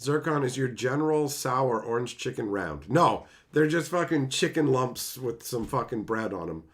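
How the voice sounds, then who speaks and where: A man's voice: mid-range voice, animated, normal speed. A man streaming live, reading chat and ranting at it in profane, exasperated bursts.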